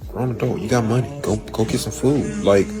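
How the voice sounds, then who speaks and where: A man's voice: on the low side, fairly quick, mellow, rough recording. A man commentating with an exasperated, mocking rant. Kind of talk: reaction commentary. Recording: background music.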